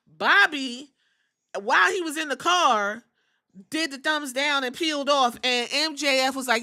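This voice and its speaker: Middle-aged woman podcast host, casual and profane storyteller, bright and a touch high. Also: measured pace. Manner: animated storytelling, acting out quotes, swearing freely. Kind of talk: casual recap of wrestling episodes.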